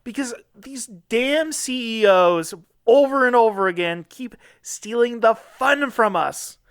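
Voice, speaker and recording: A man's voice: very high-pitched, unhurried, fairly bright tone, clear, resonant tone, dry recording, studio quality. A man co-hosting a satirical comedy podcast, speaking in a mock-earnest, sincere tone and laughing often at his own lines. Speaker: podcast co-host.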